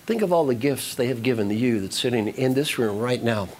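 A man giving a live motivational talk to an audience, animated and repetitive, giving direct instructions. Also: mid-range voice, fairly quick, a little hiss or hum. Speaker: motivational speaker.

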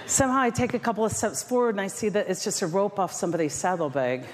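A middle-aged woman giving a motivational keynote talk to a live audience, telling stories in an animated, self-mocking, dramatic way. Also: medium pitch, quick pace. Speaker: motivational speaker. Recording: echoey hall with faint noise.

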